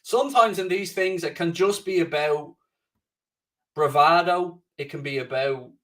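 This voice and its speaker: A man's voice: on the high side, measured pace, a bit bright, far from the mic. A man hosting a casual live stream at home, chatting loosely, swearing freely and reading out viewer comments. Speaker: livestream host. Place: home studio.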